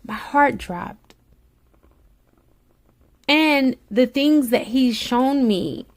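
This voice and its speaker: Speaking straight to the listener, a woman tarot reader with a fairly high pitch offers a soothing spiritual pep talk and repeats her words of encouragement.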